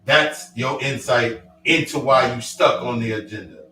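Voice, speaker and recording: A self-help speaker delivers a blunt, profane motivational monologue, hammering his points with repeated phrases in a preaching cadence. His mid-range voice is bright and forceful, moving at a measured pace. The recording has an echoey room, a distant mic, and faint music.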